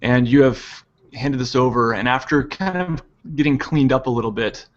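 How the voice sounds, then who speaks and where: A man narrating as game master, halting and full of ums and restarts. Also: medium pitch, muffled recording. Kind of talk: narrating a tabletop game over a call.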